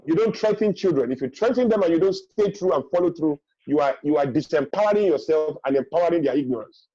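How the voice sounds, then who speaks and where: A man's voice: fairly high pitch, expressive, quick pace, dark tone, no room sound. A man giving emphatic parenting advice on a webinar, repeating his key points and acting out what parents say. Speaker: guest speaker on parenting. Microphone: video call. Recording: dull lo-fi online call audio.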